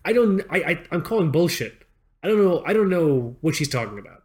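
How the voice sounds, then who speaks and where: A young adult man co-hosting a podcast in casual chat, animated, swearing freely and restarting his sentences as he rambles. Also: on the high side, fairly quick. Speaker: podcast co-host.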